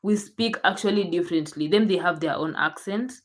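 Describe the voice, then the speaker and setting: Kenyan girl talking to her subs, low-ish voice, kinda rambly, keeps restarting. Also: a little fast. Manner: chatty, repeats herself, frequent restarts. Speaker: YouTuber. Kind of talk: casual chat to camera.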